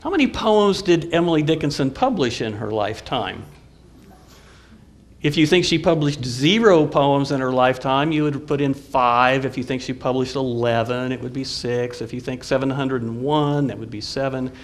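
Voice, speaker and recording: A man, a college professor, lecturing a live audience in a friendly, halting way with frequent fillers and restarts. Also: mid-range voice.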